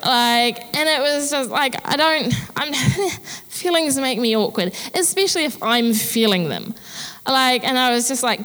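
A woman's voice: fairly high pitch, moderate pace, fairly bright tone, long reverb tail. A woman pastor giving a candid, chatty sermon with self-deprecating humor.

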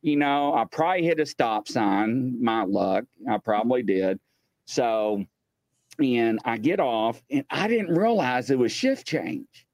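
Middle-aged man, host, casual storyteller, swooping lively voice, dry close sound. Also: mid-range voice, unhurried, no room sound. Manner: animated, acts out voices while telling stories.

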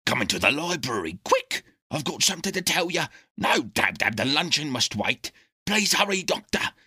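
A man voicing a loyal male dog in a storybook reading, husky, urgent and pleading. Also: mid-range voice, big pitch swings, normal speed, pushed and bright, pitched above the performer's own voice, exaggerated voice.

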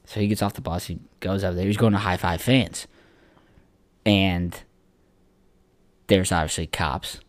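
A man's voice: deep voice, steady tone, a little slow, pauses often, no room sound. A man co-hosting a podcast, chatting casually about sports in a rambling, profane way full of filler words. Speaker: podcast co-host.

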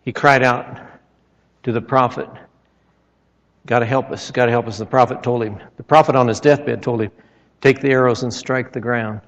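A man's voice: mid-range voice, fairly even intonation, moderate pace. A man preaching a sermon, telling stories with dramatic retellings and emphatic outbursts. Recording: echoey hall, dull lo-fi sound.

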